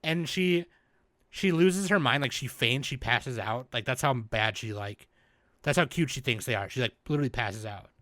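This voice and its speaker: A man hosting a podcast, recapping in a rambling, animated, casual way and swearing freely. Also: mid-range voice, moderate pace, no echo. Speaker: podcast host. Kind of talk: casual chat.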